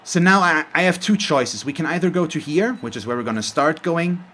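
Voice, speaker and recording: A man's voice: fairly high pitch, expressive, brisk, a bit bright. A man commentating his own game as host of a let's play, talking in a frustrated, openly salty way with frequent sighs. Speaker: gaming channel host.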